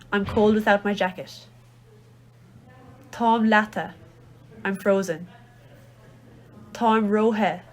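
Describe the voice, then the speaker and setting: A woman with a Kerry Irish accent reading Irish words and phrases aloud, each followed by its English translation. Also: mid-range voice. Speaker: language teacher reading a phrasebook. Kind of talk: slow read-aloud phrase lesson.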